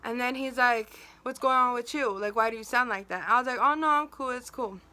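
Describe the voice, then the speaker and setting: A woman's voice: on the high side, brisk, sharp tone. A young woman telling a personal story on her vlog, emotional and venting, filled with "like" and quoted dialogue.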